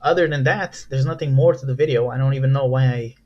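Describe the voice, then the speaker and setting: A man's voice: mid-range voice, fast, dull audio. A young man casually rambling through a card unboxing, profane and self-mocking. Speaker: vlogger.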